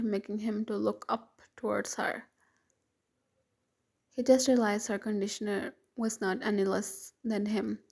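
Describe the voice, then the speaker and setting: A woman's voice: mid-range voice, creaky, a little mellow, husky. A woman steadily reading a romantic fan fiction story aloud as narrator.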